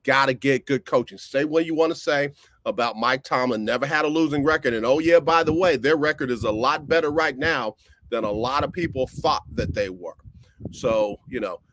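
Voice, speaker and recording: A middle-aged man, hosting a casual live-streamed sports talk show. He talks in an animated way, repeats phrases for emphasis and jumps up in pitch when he gets fired up. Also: normal speed.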